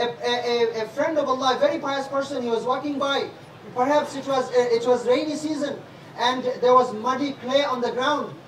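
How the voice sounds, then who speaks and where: A man interpreting a sermon into English at a large religious gathering, halting and restarting phrases and adding Arabic honorifics after holy names. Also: very high-pitched, fairly bright tone, recorded from a distance, a little hiss or hum. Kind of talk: live English rendering of a religious talk. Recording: echoey hall recording from afar.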